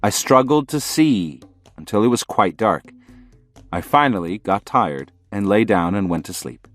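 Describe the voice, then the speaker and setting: A male narrator tells the story in measured audiobook style, his low voice rising and falling with lively inflection. The sound is dry and close to the mic, with faint music behind. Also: no echo.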